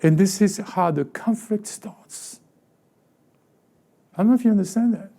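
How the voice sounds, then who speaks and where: A male pastor delivering a sermon in a church, his voice gravelly and very dark. He fires rhetorical questions at the congregation and slips into brief acted-out voices of the people he describes, and he often repeats and restarts his phrases. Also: high-pitched, a little slow. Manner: acts out short quoted voices, asks the congregation rhetorical questions. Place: church sanctuary.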